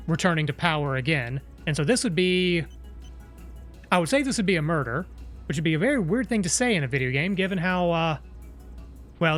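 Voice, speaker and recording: A man streams a video game and talks it through in a chatty, musing way. His voice sits a little higher than most men's. Soft game music plays under him. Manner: chatty, musing, playful asides. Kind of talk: live gameplay commentary.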